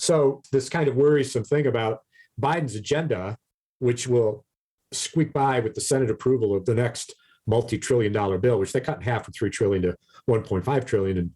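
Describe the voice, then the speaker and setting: A man's voice: lowish voice, a little mellow, slightly rough. A man co-hosting a casual podcast, ranting animatedly about politics, swearing freely and often repeating his words. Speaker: podcast co-host.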